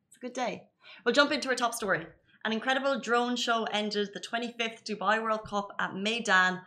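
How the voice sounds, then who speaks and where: A woman's voice: medium pitch, fairly even intonation, normal speed, bright, forceful tone. A young woman co-hosting a daily news podcast, chatty and upbeat in casual talk. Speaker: podcast co-host. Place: studio in Dubai.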